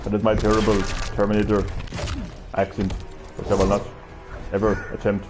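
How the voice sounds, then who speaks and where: A man's voice: fairly low pitch, monotone, a little fast, long pauses, music in the background. A man live-streaming a fighting game, chatting casually, rambling and swearing freely as he plays. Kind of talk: casual gameplay commentary.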